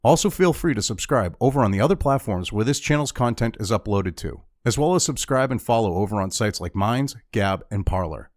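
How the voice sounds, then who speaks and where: A man's voice: fairly low pitch, expressive, a little fast, few pauses. A man from New Hampshire hosting a news commentary show, ranting in a profane, exasperated and sarcastic way. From New Hampshire, USA.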